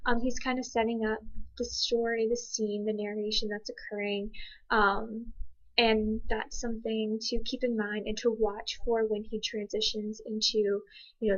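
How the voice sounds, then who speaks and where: A woman giving thoughtful, hesitant commentary on a signed video, pausing often with ums. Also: fairly high pitch, lo-fi sound. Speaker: interpreting student.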